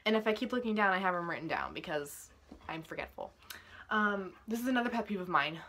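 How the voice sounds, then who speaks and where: Bright-voiced young woman ranting. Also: lowish voice, very animated, a little fast, slight background noise. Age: young adult. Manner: profane, exasperated, rising to loud outbursts. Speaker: vlogger. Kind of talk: venting rant to camera.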